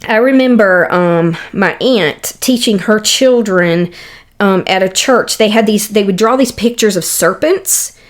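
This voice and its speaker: A woman's voice: medium pitch, a little slow. A young adult woman hosting a Christian podcast, talking earnestly and conversationally in a casual teaching monologue with fillers. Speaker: podcast host.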